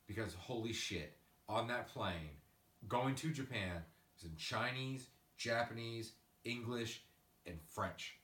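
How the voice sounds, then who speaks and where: A man hosting a casual podcast, swearing freely and ranting through animated stories. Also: mid-range voice, slow, distant mic. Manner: ranting, profane, animated storytelling. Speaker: podcast host. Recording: echoey room, away from the mic.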